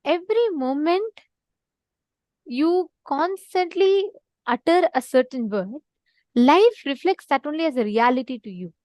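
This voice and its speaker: Woman, high voice, dry close sound, earnest spiritual teacher who repeats her points. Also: lively intonation, a little slow, darkish tone, dry recording. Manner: earnest, repeats for emphasis, asks listeners to respond. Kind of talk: online teaching session with a story.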